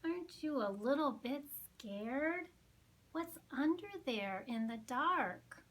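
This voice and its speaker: A woman's voice: high-pitched, lively intonation, takes it slowly, a bit bright, full character voice, low-quality recording. A woman voicing a timid, worried young female penguin chick in a children's storybook reading. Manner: hesitant, worried.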